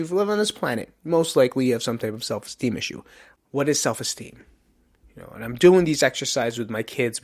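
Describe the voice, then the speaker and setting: A man's voice: medium pitch, creaky. A man hosting a podcast, talking candidly and profanely in a self-questioning motivational monologue to the camera. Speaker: podcast host. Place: in front of a camera.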